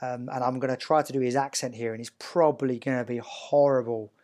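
A man from the south of England hosts an interview podcast one evening at home in northern England, his mid-range voice steady, fairly quick, and a little mellow. His casual interview chat is encouraging and chatty, full of restarts.

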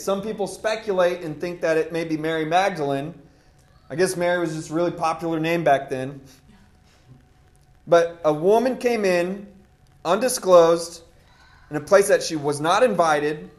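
High-voiced impassioned male preacher. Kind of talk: sermon. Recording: roomy echo.

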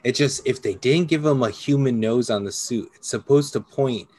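A man's voice: mid-range voice, moderate pace, darkish tone, breathy edge. A man hosting a podcast, ranting and joking in casual chat, swearing freely.

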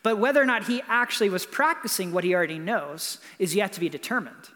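High-voiced pastor preaching in a reverberant hall. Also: male voice, fast, sharp tone. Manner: conversational preaching with frequent "right?" asides. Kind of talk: sermon. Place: church building.

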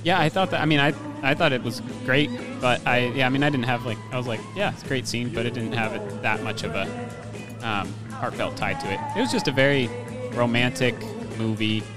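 A man's voice: mid-range voice, steady tone, brisk, music in the background. A man co-hosting a casual movie discussion, chatty and hedging, with many fillers.

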